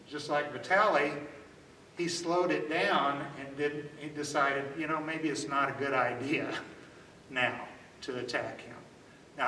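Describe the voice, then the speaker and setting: Guy running a self-defense class, bright voice, echoey room, mic kinda far off. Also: a little high, a little hiss or hum. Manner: conversational, demonstrative, says "okay?" often. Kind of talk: live workshop demonstration.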